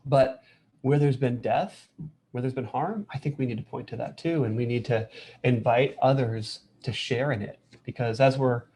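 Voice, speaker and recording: A man's voice: mid-range voice, normal speed, darkish tone, a little hiss or hum. A man speaking earnestly and reflectively on a panel over a video call. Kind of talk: casual panel talk.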